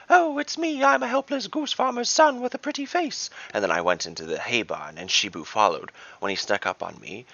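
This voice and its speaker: A man's voice: deep voice, vocal fry, pushed and bright, heavily acted. A man voicing a mischievous male halfling trickster god in a gleeful, teasing, theatrical way. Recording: dull dry lo-fi recording.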